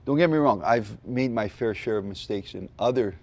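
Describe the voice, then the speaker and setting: A gravelly, fry-edged man talks in a low voice about his life. His tone is earnest, broken up by wry jokes at his own expense. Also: normal speed. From Hawaii. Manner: earnest, with self-deprecating jokes. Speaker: comedian guest. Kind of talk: candid testimony in a chat.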